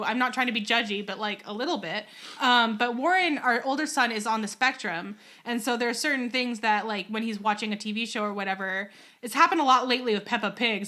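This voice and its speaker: A woman in her thirties co-hosting a casual podcast, talking in animated, exasperated rants and laughing often, with a baby in her arms. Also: a little high. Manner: holding a teething baby while talking. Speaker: podcast co-host.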